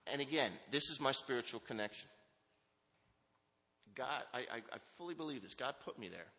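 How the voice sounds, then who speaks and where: A man's voice: mid-range voice, lively intonation, fairly quick, bright, forceful tone. A middle-aged man speaking candidly and earnestly to an audience in a large hall, telling his recovery story with frequent restarts. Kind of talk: personal recovery testimony. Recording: long hall reverb.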